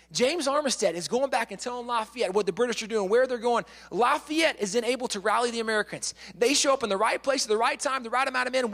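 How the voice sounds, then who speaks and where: A man giving a lively storytelling lecture, acting out quotes and often repeating words. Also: very high voice. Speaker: speaker. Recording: long hall reverb.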